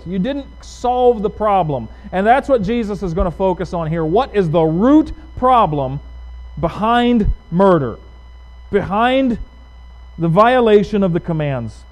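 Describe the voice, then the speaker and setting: A man's voice: high voice, a little mellow, poor audio. A male pastor preaching a sermon in a conversational way, putting questions to his congregation. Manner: conversational, asks the audience questions.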